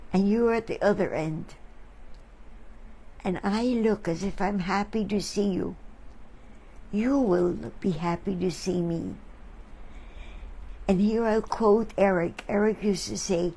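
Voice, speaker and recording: A woman hosting a talk, telling reflective stories about friends to an audience in a slow, thoughtful way. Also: mid-range voice, dark tone, rough recording. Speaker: artist and host.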